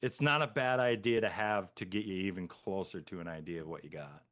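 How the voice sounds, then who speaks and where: A man co-hosting a casual podcast, agreeable and quick to chime in. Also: deep voice, fairly bright tone. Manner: agreeable, frequent backchannels. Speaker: podcast co-host. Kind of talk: casual chat.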